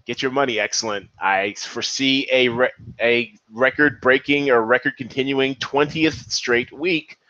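A man hosting a podcast, giving casual, excitable commentary on his listeners' picks. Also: mid-range voice, a little slow, few pauses, no room sound. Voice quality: excitable, animated. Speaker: podcast host. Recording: dull, slightly lo-fi, dry.

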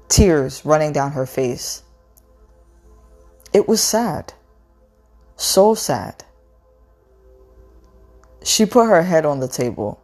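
A woman with a low, deep voice reads a novel aloud at a slow, deliberate pace. Her delivery is measured and calm, and faint music plays underneath. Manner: measured, unhurried reading with small slips. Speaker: narrator reading a novel.

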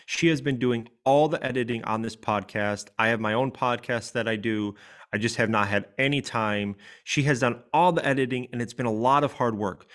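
A man's voice: medium pitch, fairly bright tone. A man from the United States co-hosting a podcast, chatting casually and reading his own writing aloud in an earnest, feeling way. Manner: earnest, reads slowly with feeling. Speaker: podcast co-host.

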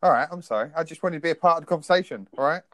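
A man's voice: on the high side, racing, no echo. A man co-hosting a podcast, chatting casually and poking fun at himself. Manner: lively, self-deprecating banter. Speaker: podcast co-host. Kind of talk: casual chat.

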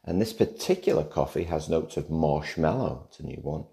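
Male podcast host, very deep and gravelly, chatty solo monologue, rambling with jokes. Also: animated, normal speed, warm tone. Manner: chatty and rambling, with joking asides. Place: home in Australia.

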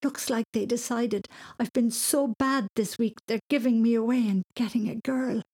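A woman's voice: fairly high pitch, fairly even intonation, moderate pace, darkish tone, slightly rough, pitched above the performer's own voice. Woman doing an eager little boy. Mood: upset. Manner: eager and emphatic. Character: determined little boy, lively and forgetful.

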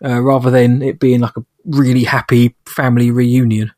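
A man's voice: medium pitch, level tone, moderate pace, dark tone, dry recording, clean studio sound. A man co-hosting a podcast, chatting casually about a film, often restarting and correcting himself as he jokes along. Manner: rambling, self-correcting, joking. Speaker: podcast co-host.

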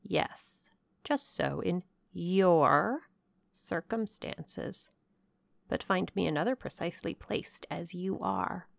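A woman reader puts on a shrewd old crone telling fortunes in a harsh, gravelly voice. She speaks low, slowly and with decided weight, every word probing. The sound is dry and close. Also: no room sound, full character voice. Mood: insistent. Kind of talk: audiobook character voice.

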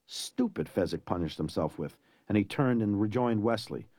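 A man narrating a story in an expressive, dramatic way. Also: lowish voice, moderate pace, dry recording. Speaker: audiobook narrator.

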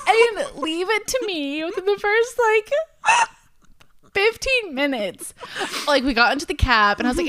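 A woman's voice: high-pitched, moderate pace. A woman co-hosting a podcast, telling stories in casual chat and laughing easily. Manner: laughs easily, animated storytelling. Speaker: podcast co-host.

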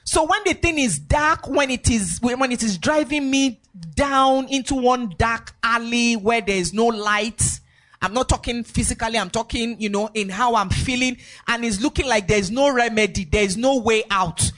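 A woman's voice: fairly high pitch, moderate pace, fairly bright tone. A woman preaching a sermon, emphatic and repetitive, with sing-song rises in her voice.

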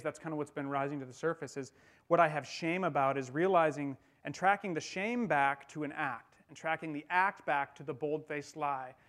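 A pastor giving a sermon in a conversational way, with wry humor, in a church. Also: male voice, a little high, fairly bright tone.

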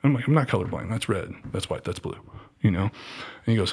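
Laid-back low-voiced storyteller man. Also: fast talker, slightly rough. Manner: animated, acts out quoted dialogue with swings in pitch; laid-back slangy talk with frequent fillers. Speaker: podcast guest. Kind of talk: casual storytelling interview.

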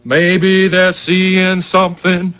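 A grown man-child crooning to a woman with total earnestness. His voice sits high, and he stretches every word out very slowly. The delivery is sincere and a little awkward. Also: monotone, fairly bright tone, soft background music. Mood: earnest. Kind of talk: sung and spoken film scene.

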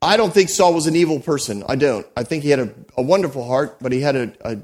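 A pastor delivering a sermon, telling a story with animated asides to the congregation and frequent restarts. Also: male voice, fairly high pitch, fast talker.

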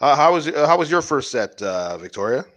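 A man's voice: a little high, sing-song, a little fast, a bit bright. A man co-hosting a casual comedy chat, rambling and swearing, with lots of fillers and restarts. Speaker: podcast co-host.

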